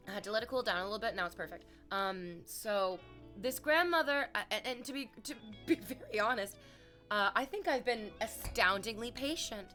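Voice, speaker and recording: A woman's voice: medium pitch, bright, forceful tone. A young woman streaming, chatting casually with her viewers and telling a story with playful quoted voices. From Canada.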